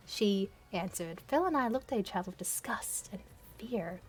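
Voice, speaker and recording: A woman's voice: medium pitch, brisk. A young woman hosting her channel, reading her old story aloud with laughing, swearing, embarrassed asides, recorded on camera. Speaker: channel host.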